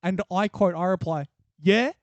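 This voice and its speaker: High-voiced man telling rowdy stories. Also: animated, brisk, no echo. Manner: rowdy storytelling, laughs often. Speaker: podcast co-host. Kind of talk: casual sports chat.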